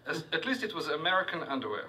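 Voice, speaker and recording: A man reading his own fiction aloud to a live audience, halting on fillers and adding asides. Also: on the high side, sing-song, bright, forceful tone, far from the mic, poor audio. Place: university reading hall with audience.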